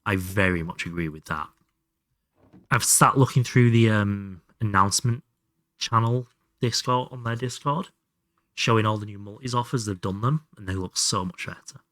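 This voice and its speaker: Guy streaming a game, lowish voice, dry close mic, chatting with viewers. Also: moderate pace, a bit bright, no room sound. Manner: chatty, reacting to chat while playing. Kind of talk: casual gameplay chat.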